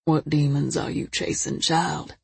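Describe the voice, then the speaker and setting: A woman reading a storybook, voicing a gruff but caring older man who talks in folksy rural grammar with a lowered voice. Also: fairly even intonation, measured pace, dry recording, full character voice. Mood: concerned.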